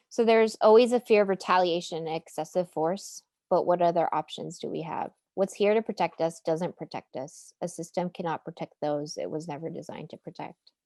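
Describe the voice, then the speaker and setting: A woman's voice: fairly low pitch, a little mellow, no room sound. A woman artist giving an earnest, impassioned presentation over a video call. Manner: earnest, impassioned, rising to a rallying close. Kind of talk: prepared presentation in a webinar.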